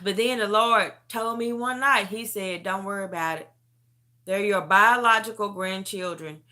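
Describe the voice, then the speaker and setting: A woman in her fifties giving an emotional religious testimony, earnest and halting, repeating herself, tearful at times. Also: mid-range voice, bright, forceful tone.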